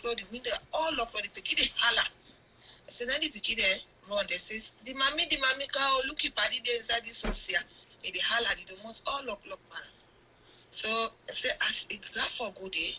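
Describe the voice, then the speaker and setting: Older sierra leonean krio lady telling her story, earnest, lots of quoting, very bright sharp voice. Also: mid-range voice, a little hiss or hum, rough recording. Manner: long narration with many quoted exchanges, earnest. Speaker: guest, mother telling her account. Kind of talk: radio interview testimony.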